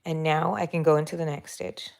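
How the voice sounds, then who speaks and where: A woman's voice: low-pitched, level tone, a little fast, vocal fry. A woman with a Texan accent hosting a casual crochet livestream, chatting with viewers and talking to herself as she works. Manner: chatty, talks to herself and viewers while working. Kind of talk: casual crochet tutorial chat.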